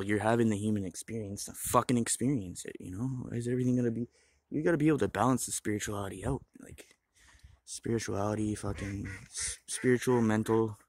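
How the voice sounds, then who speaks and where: Low-voiced, rambling, profane man. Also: gravelly. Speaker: vlogger. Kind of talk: rambling casual monologue.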